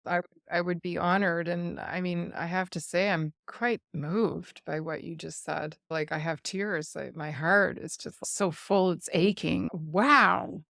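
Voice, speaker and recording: A woman guest on an interview show, talking in an earnest, animated way and laughing now and then as she tells stories, heard over a video call. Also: on the low side, a little slow, gravelly, hardly any pauses, dry recording, studio quality. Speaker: guest speaker. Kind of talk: casual interview chat.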